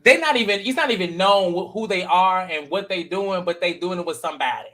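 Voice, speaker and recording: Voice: mid-range voice, animated, brisk, a bit bright. A host of a live call-in panel show, chatting loosely with callers and laughing easily.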